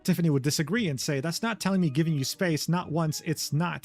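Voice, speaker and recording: A commentary narrator, male, rattles through a drama recap at a quick clip, reading quoted messages aloud and throwing in sardonic asides. His voice sits a little high, with faint music playing underneath.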